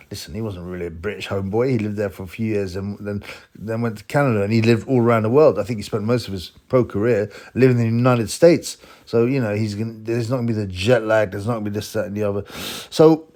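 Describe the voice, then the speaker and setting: A man's voice: on the low side, quick pace, a little mellow. A man hosting his own channel, talking casually and at length, with lots of restarts and strong opinions. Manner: rambling, opinionated, many restarts. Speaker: boxing channel host. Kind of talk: casual rambling commentary.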